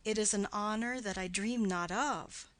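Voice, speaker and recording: A woman's voice: medium pitch, normal speed, close to an everyday voice. A woman reading as a polite young daughter. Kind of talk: audiobook play reading.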